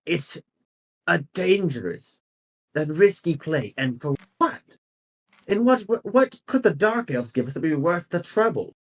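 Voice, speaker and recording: A man playing a wary council elder, husky. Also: fairly high pitch, big pitch swings, measured pace, pitched above the performer's own voice, full character voice. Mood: skeptical. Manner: skeptical, questioning.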